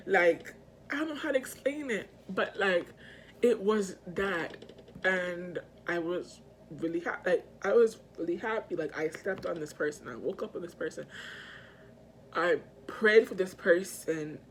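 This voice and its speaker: A woman's voice: lowish voice, slight background noise. Rambling, earnest woman vlogger. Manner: rambling and halting, full of fillers and restarts; emotional and earnest. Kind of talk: personal video update to viewers. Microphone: self-filmed camera mic.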